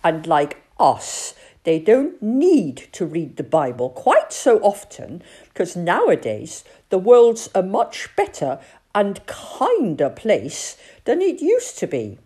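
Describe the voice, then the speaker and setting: Woman doing a cheeky reckless rat, a bit higher than her own voice, husky, bouncy. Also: wildly swooping pitch, slow pace, mellow, heavily acted. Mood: brash. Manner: blunt, cheeky. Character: brash, reckless male rat.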